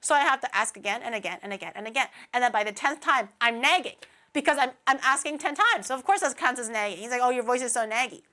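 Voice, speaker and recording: Young woman, livestream chatter, slightly whiny naggy tone, fairly high, bright. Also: animated, fast talker. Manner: chatty, laughs often, says her voice sounds naggy and a bit whiny. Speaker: streamer. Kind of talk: casual livestream chat with chat readers.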